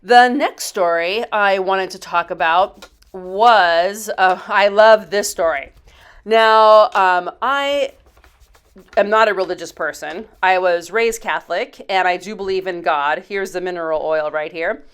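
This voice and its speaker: A woman's voice: medium pitch, measured pace, fairly bright tone, clean tone. Chatty woman in her fifties. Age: 50s. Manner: rambling, chatty, with fillers and asides. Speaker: DIY channel host. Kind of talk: casual storytelling voice-over.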